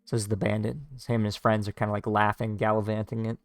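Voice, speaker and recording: A man casually reading a comic aloud, describing the panels in an informal, halting way with many fillers. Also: fairly low pitch, monotone, no room sound. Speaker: read-along narrator. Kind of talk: casual read-along of a comic.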